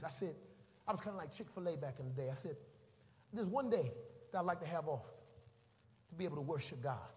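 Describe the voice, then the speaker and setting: A man's voice: a little high, fast talker, long pauses. A middle-aged male pastor preaching a sermon, telling a story animatedly and voicing the people in it. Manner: animated storytelling, voices the people in it, makes beeping sounds. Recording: reverberant hall, faint ambience.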